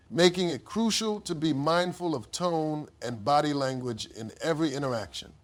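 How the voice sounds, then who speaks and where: A man giving a scripted motivational speech, his voice a little higher than most men's. He speaks in a measured, deliberate way, stressing key words and letting each sentence sink low and quiet at its close. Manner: measured delivery, dropping low at sentence ends.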